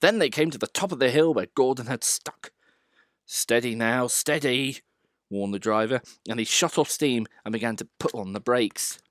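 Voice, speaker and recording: A man reading a children's storybook aloud as the narrator, in an expressive way. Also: medium pitch, fairly quick, few pauses, no room sound, clean studio sound.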